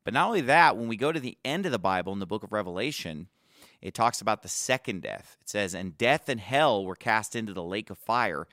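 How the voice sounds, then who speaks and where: A man's voice: fairly low pitch, animated, brisk, a bit bright, no echo, clean studio sound. A man preaching a gospel sermon, earnest and emphatic, quoting scripture as he goes.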